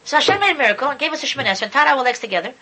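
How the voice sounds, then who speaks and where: A man's voice: very high-pitched, sing-song, rapid-fire, bright, forceful tone, low-quality recording. A man giving an impassioned sermon, often stumbling over and repeating his words as he talks. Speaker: Torah speaker. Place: lives in Israel.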